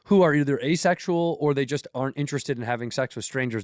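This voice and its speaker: A man's voice: mid-range voice, fast talker, a little mellow, dry recording, clean studio sound. A man co-hosting a comedy podcast, teasing and coaching his co-host in casual banter and laughing often.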